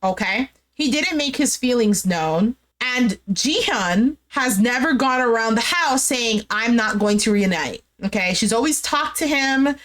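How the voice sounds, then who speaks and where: A woman's voice: on the high side, measured pace, hardly any pauses. Chatty young woman retelling a show. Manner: chatty, animated retelling with lots of "like". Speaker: recap streamer. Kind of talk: casual recap, retelling a dating show.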